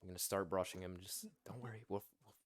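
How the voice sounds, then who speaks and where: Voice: sits low, steady tone, quick pace. A player in a tabletop game who talks in a protective, hot-tempered way.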